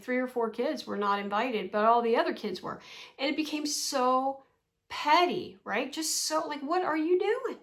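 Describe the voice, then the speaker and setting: A woman in her sixties talking casually to her vlog audience, chatty and animated, often exasperated, with frequent laughs. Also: high-pitched. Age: 60s. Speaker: vlogger.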